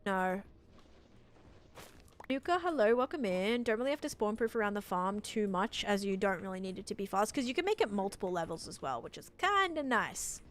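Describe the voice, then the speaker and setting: A young woman livestreams a game, chatting casually, reading chat aloud, and talking as she builds. Her voice has lively intonation and a fairly quick pace, and she imitates a voice assistant in a higher voice.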